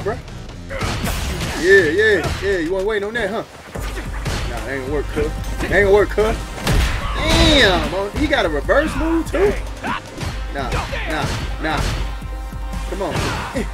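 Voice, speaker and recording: A man trash-talks his way through a fighting game, full of slang and quick laughs. His pitch swings widely as he reacts. Loud game music plays under his voice. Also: big pitch swings. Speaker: gaming video host. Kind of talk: live gameplay commentary.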